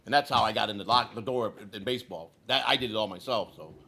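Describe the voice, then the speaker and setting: Slightly low and creaky, this voice belongs to a fast-talking Chicagoan in his sixties spinning a long, profane yarn, with slight background noise. He is animated and performs the quotes of the characters in his story.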